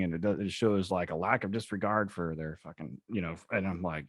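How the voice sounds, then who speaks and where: A man with a fairly low voice chats casually on a podcast, spinning animated stories full of swearing. The sound is dry and close, with no room around it. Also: a little fast, hardly any pauses, dry recording. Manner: profane, animated storytelling. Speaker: podcast co-host. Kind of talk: casual chat.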